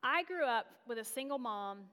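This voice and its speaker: A woman's voice: a little high, animated, moderate pace, bright, forceful tone. Candid woman preaching in a reverberant hall. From North Carolina, USA. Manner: conversational and candid, with self-deprecating laughs and frequent fillers. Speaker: guest preacher. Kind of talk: storytelling sermon.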